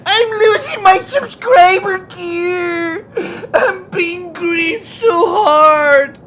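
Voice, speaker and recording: A man putting on the voice of a panicked, whiny male gamer who begs not to be shot, with shrill pleading cries. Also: drawn-out words, bright, forceful tone, full character voice. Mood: whining.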